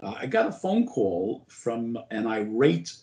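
A man's voice: medium pitch, big pitch swings, measured pace, warm tone. An older man who is a former borough president, telling stories as an interview guest in a rambling way, with lots of "uh" and restarts. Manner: rambling anecdotes full of "uh" and restarts. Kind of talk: casual interview storytelling. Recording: roomy echo.

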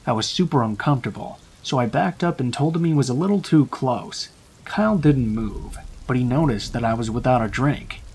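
Male horror narrator, husky and measured, rain in the background. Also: mid-range voice, lively intonation, a little mellow. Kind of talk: scripted horror story narration.

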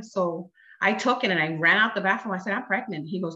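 Woman in her thirties, crisp bright voice, animated storyteller, dull echoey room sound. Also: lowish voice, a little fast, hardly any pauses. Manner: animated, acts out dialogue in quoted voices. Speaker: guest sharing a testimony. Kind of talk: emotional personal storytelling.

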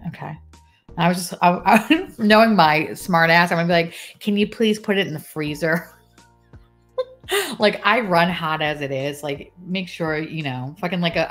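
A woman, chatting casually and profanely on a live stream, often laughing as she talks. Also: fairly low pitch.

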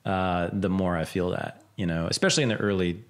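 A man's voice: sits low, steady tone, a little fast. A man hosting a podcast, talking in a casual, reflective way and echoing his guest's words back. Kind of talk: casual conversation.

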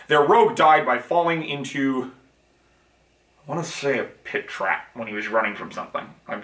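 In an echoey room, a man hosts his own channel with a casual, rambling monologue. His mid-range voice sounds pushed and bright, and he talks frankly while correcting himself constantly.

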